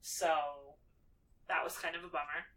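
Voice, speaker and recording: On a rough recording made with a distant mic, a woman speaks a little slowly in a low voice. She co-hosts a podcast, casually recapping a film and animatedly voicing the characters' lines, filling gaps with "like."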